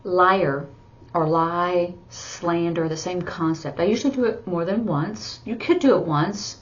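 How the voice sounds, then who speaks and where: Slow, low-voiced woman teaching. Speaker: sign language teacher. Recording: slightly dull recording with faint background hiss.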